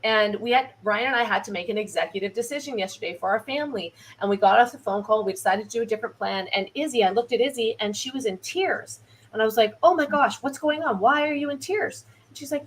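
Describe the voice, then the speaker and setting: A woman's voice: on the high side, low-quality recording. A woman in a casual live-streamed talk, earnestly telling personal stories about parenting and family. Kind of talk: casual conversation. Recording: faint background noise.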